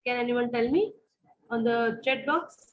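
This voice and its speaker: High-voiced woman with an Indian English accent lecturing online. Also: unhurried, highs cut off. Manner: repeats phrases, many fillers, asks the class questions. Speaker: university lecturer.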